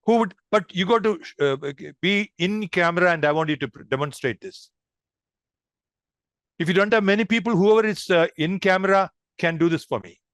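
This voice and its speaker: A man's voice: high voice, moderate pace, a bit bright, no room sound. A man leading an online public speaking workshop, demonstrative and addressing the group as friends.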